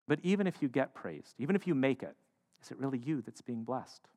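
A man delivering a sermon in a voice of average pitch. He pushes hard on emphatic phrases, then falls to hushed, soft lines. A long reverb hangs on his words, as in a large hall. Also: big pitch swings, brisk. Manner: dynamic, swings from loud to hushed. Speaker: pastor.

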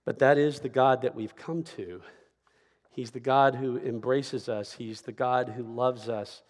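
A middle-aged pastor storytelling in a reverberant hall. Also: male voice, medium pitch, fairly even intonation, measured pace. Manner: conversational storytelling with frequent "right?" asides. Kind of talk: sermon. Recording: long reverb of a large hall.

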